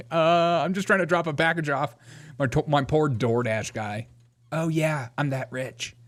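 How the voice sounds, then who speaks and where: A man's voice: on the high side, unhurried, fairly bright tone. A man from Georgia hosting a reaction show, mocking news clips and laughing often as he walks. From Georgia, USA. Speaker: host. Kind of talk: reaction commentary.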